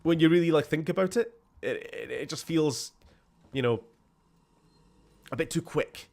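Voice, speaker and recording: A man's voice: on the high side, measured pace, gravelly, darkish tone. A man with a Scottish accent giving casual, rambling let's-play commentary, laughing often and talking to the characters on screen. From Scotland. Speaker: gaming channel host.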